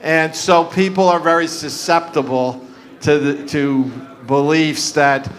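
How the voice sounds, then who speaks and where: A man's voice: fairly high pitch, fairly even intonation, a little slow. A man talking at a live conference panel, discursive and full of asides and fillers. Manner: discursive, frequent fillers and asides, laughs often. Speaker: panel speaker.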